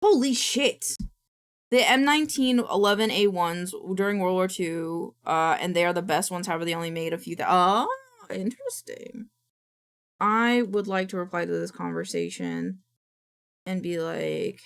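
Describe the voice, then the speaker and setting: A young woman streaming live, chatting casually, reading chat aloud and swearing a lot when excited. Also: lowish voice, normal speed, clean tone.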